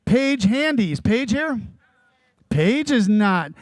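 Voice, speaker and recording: Man, race official, voice going, smooth high tone, dry sound. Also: sing-song, slow pace, no room sound. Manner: plain, instructional. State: losing his voice. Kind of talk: announcements to racers.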